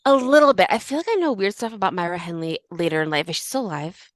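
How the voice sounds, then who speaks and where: A woman co-hosting a podcast, chatting playfully and laughing with her co-host. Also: fairly low pitch. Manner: quick, giggly, playful. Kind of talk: casual chat.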